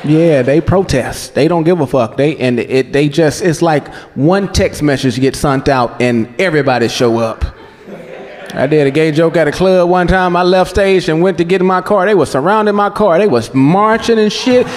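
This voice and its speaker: A man performing a stand-up comedy set, telling profane, animated stories on a club stage before a live audience. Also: on the high side, moderate pace. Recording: live club recording with echo, audience laughter and noise.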